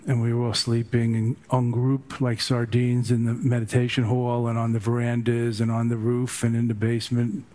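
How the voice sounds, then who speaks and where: A man's voice: mid-range voice, monotone, moderate pace, hardly any pauses, mellow. Older man telling humorous rambling stories. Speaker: meditation teacher. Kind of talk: dharma talk.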